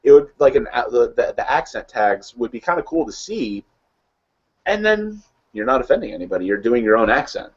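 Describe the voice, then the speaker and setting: A man's voice: mid-range voice, big pitch swings, a little fast, muffled recording. A man with a Midwestern accent, co-hosting a casual chat in a rambling, easygoing way. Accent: American Midwest. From American Midwest. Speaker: co-host.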